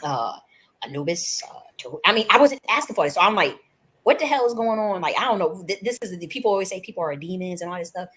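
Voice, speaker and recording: Lady going off on camera, cussing a lot, restarts all the time, lowish voice. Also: animated, fast talker, pushed and bright. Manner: profane, rambling, emphatic, frequent restarts. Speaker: channel host. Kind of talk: unscripted spiritual monologue.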